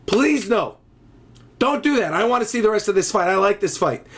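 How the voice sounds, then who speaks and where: A man hosting a live manga reaction stream, excitable and often shouting and exclaiming as he reads along. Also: sits high, moderate pace.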